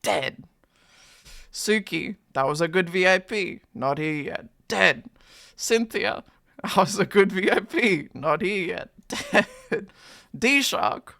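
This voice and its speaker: An unhurried live streamer chatting with viewers, calling out names one after another and swearing freely. The delivery is playful and mock-dramatic, hyping things up and then undercutting them. The sound is dry, with no room around it. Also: mid-range voice, vocal fry, fairly bright tone, dry recording. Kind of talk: casual live-stream chat.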